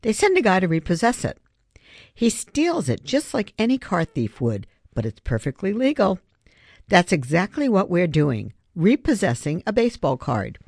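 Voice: medium pitch, very animated, normal speed, dry recording, studio quality. An audiobook reader voicing a determined schoolboy who leads a heist crew, talking in an intense, commanding way. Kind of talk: audiobook character voice.

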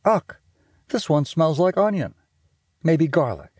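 A man voicing an excitable young boy who loves smells, eager and boastful. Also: a little high, slow, husky, dry recording, clean studio sound, voice pushed up, heavily acted.

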